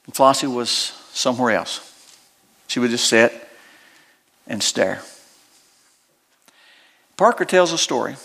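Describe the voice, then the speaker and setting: Impassioned preaching man, soaring then hushed. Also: very animated, slow pace, gravelly, pauses often. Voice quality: emotional, near tears. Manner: preaching with big rises in pitch, then dropping soft and low for a story. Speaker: pastor. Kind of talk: sermon.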